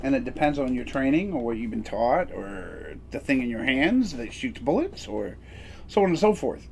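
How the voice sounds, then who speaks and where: A game streamer tells a personal story in a frank, rambling way, blunt and emphatic with occasional swearing, repeatedly checking in with "right?". His medium-pitched voice is very animated, a little mellow, with vocal fry at a normal speed, plus slight hiss or hum.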